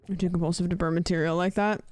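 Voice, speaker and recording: A woman's voice: fairly low pitch, steady tone, quick pace, a little mellow. A woman streaming a game, chatting casually and swearing as she plays and talks to her chat. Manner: casual and sweary, talking to herself and chat while playing. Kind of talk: casual gaming livestream chat.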